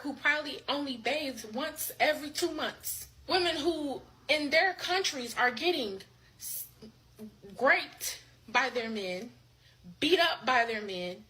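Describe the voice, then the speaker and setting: Bright high-voiced mocking woman. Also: low-quality recording. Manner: mocking, laughs between points. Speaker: commentator in a played clip. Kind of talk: opinionated monologue.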